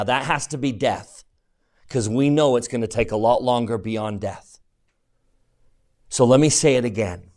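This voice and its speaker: Speaking in a mid-range voice, this male religion teacher gives a classroom scripture lesson with emphasis and animation. He puts questions to the class and reads each verse at a slow, deliberate pace.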